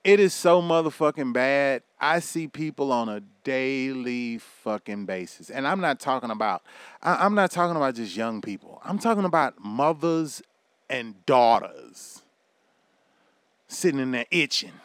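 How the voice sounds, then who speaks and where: A man delivering a loud, profane, animated rant to his audience. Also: medium pitch, measured pace, clear, resonant tone, no room sound. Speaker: commentary vlogger.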